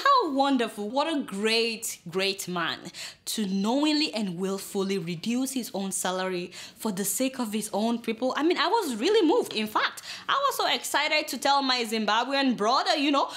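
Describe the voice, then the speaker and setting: A Nigerian woman hosts a satirical news show, mocking and exclaiming between her jokes. Her voice is high and very lively, leaping in pitch. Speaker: host.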